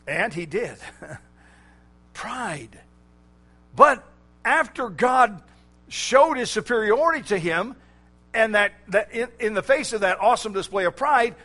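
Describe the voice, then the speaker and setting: A man preaching a sermon, slow and emphatic, drawing out key words. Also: sits high, fairly bright tone.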